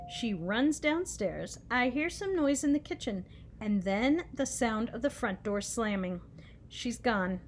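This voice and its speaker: A woman reading a children's chapter book aloud with expressive storytelling. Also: fairly high pitch, unhurried, slight background noise. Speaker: reader.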